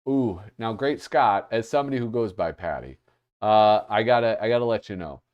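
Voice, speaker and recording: Guy streaming live, kinda deep voice but really bouncy, keeps getting sidetracked by chat. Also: lively intonation, moderate pace, smooth, muffled recording. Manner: chatty and easily distracted, laughing often, reading out chat comments. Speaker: livestream host. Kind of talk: casual live commentary flipping through art.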